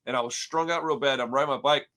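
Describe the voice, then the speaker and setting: A man's voice: medium pitch, quick pace, sharp tone. A man from Houston in his thirties hosting a casual podcast chat, telling rambling stories full of dude, bro and swearing. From Houston, Texas. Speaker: podcast host.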